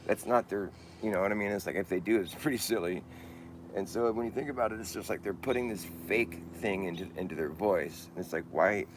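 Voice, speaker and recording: A man's voice: fairly low pitch, brisk, a little hiss or hum. A man talking in a loose, rambling monologue, often restarting his sentences and laughing at himself.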